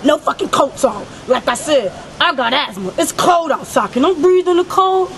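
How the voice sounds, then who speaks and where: A foul-mouthed young killer tells her comic confession with cold irritation, as a young woman plays her. Her voice sits a bit high. A faint hiss runs under the recording. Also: lively intonation, normal speed, fairly bright tone, low-quality recording. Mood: irritated. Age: young adult. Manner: profane, irritated storytelling. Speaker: student actor in a parody sketch.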